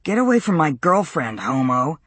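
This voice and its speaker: A reader voicing a cruel, sneering teenage boy who bullies a classmate, in a low mocking voice. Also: big pitch swings, moderate pace, fairly bright tone, husky, no echo, full character voice.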